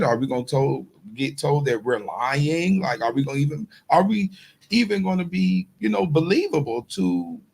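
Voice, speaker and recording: A man's voice: mid-range voice, creaky, breathy edge. A man hosting a podcast, talking earnestly in casual conversation, often repeating phrases as he searches for words. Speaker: podcast host.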